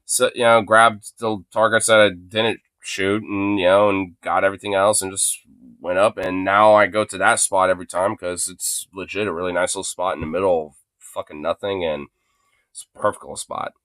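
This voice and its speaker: A man's voice: low-pitched, little pitch movement, moderate pace, fairly bright tone. Rambling, swearing man on a live stream. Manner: rambling, heavy fillers and swearing. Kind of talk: casual ranting live stream. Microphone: phone.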